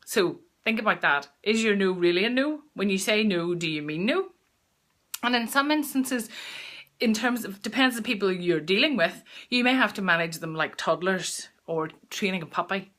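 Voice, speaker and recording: A woman's voice: mid-range voice, lively intonation, normal speed, fairly bright tone. A woman giving a live-streamed mindfulness talk, chatty and direct with viewers, often restarting her phrases. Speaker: mindfulness coach presenting a weekly talk.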